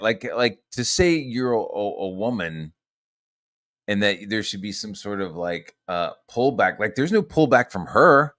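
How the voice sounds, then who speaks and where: A low-pitched man vents through a long, profane story, stacking fillers and restarts as he goes. His voice sits dry and close, with no room sound around it. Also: lively intonation, normal speed, fairly bright tone, no room sound. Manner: profane, rambling, heated, full of fillers. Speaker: podcast host. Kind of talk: casual storytelling rant.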